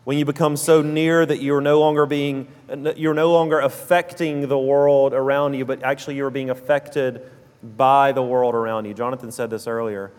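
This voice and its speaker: Southern pastor preaching in a reverberant hall. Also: male voice, mid-range voice, little pitch movement, moderate pace, darkish tone. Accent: Southern US (South Alabama). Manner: earnest, repeats key phrases for emphasis. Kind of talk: sermon. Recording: long reverb of a church hall.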